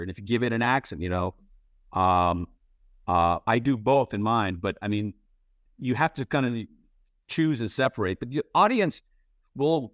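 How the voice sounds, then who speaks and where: A man's voice: medium pitch, fairly bright tone, dry recording. A man giving acting advice in a casual interview, rambling and full of restarts. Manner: candid, swears casually. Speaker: interviewer, playwright and actor.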